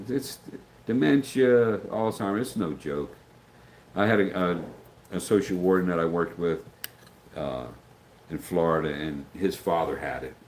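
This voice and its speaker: A middle-aged man with a very low voice, talking loosely on a livestream and answering viewer comments. He wanders off track, backs up, and acts out the people he quotes. A faint hum of noise sits behind him. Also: a little mellow, low-quality recording. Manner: rambling, loses his train of thought, acts out quoted voices. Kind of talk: casual livestream chat.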